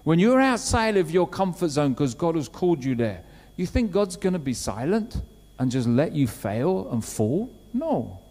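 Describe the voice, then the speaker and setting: A man preaching a sermon, telling a story with lively acted-out quotes. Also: fairly high pitch, normal speed. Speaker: pastor. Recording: long hall reverb.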